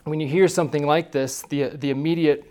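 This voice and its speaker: A man leading a class, teaching in a relaxed, conversational way and putting questions to his students. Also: on the high side, fairly quick.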